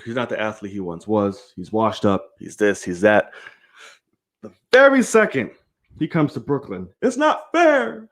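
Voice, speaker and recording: Male sports-stream host, lively swinging delivery, heated and profane. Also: mid-range voice. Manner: animated, profane, heated opinions; addresses viewers directly. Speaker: host of a live sports show. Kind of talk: live-streamed sports rant.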